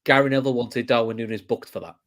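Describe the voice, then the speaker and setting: A man's voice: mid-range voice, steady tone, fast talker. A man co-hosting a casual football reaction show, ranting about the referee and swearing freely. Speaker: podcast co-host. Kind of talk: casual match-reaction chat.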